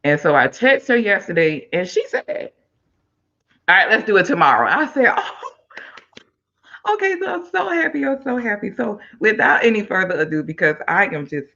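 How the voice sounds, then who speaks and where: A woman hosting a live online talk show over a video call, effusive and excitable, thanking viewers by name. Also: medium pitch, brisk, vocal fry, hardly any pauses, muffled recording. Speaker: host.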